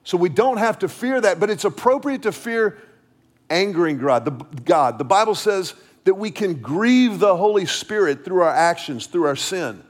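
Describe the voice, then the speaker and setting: A middle-aged man preaching a sermon as pastor, repeating words as he restarts and dropping low and quiet when he tells a story. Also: expressive, normal speed. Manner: storytelling, drops low and quiet for quoted lines.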